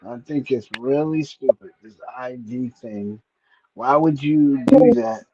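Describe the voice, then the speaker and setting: A man hosting a casual livestream chat who talks haltingly, with many fillers and restarts. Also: mid-range voice, expressive, warm tone, dull audio, a little hiss or hum. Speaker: streamer host.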